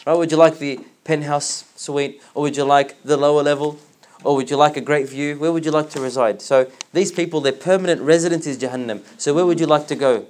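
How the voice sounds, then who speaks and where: A man teaching a religious class, explaining word by word and asking his students questions, with quick recited verses. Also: on the high side, fairly even intonation, a little mellow. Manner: recites verses in rapid chant.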